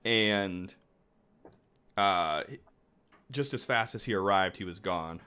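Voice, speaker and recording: A man narrating a tabletop game as the game master, in a relaxed way with lots of fillers. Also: sits low, slow, clean tone.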